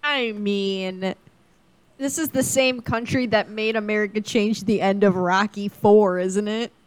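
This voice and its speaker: A woman co-hosting a casual podcast who talks in an animated, jokey way and tells stories with exaggeration. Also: mid-range voice, unhurried, clear, resonant tone, dry recording. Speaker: podcast co-host. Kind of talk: casual chat.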